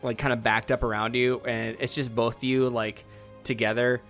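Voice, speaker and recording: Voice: medium pitch, little pitch movement, normal speed, fairly bright tone, faint music behind. A game master running a tabletop role-play game, narrating with many fillers and laughs.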